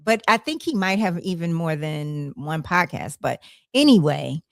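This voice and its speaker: A low-pitched woman hosting a podcast, chatting over a video call. She rambles, circling back with fillers and restarts. The sound is dry and close. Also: big pitch swings, measured pace, vocal fry, no echo. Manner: rambling, with many fillers and self-corrections. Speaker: podcast host. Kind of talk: casual conversation.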